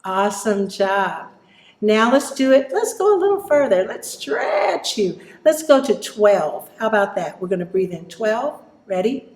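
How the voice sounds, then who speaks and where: A woman teaching children a vocal warm-up, encouraging them and demonstrating exercises. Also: mid-range voice, sing-song, unhurried, reverberant. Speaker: music teacher.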